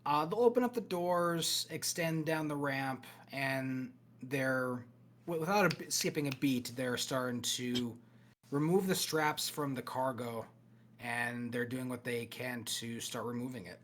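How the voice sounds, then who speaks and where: A man running a cyberpunk tabletop game as game master, narrating scenes in a steady, descriptive way with pauses. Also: mid-range voice.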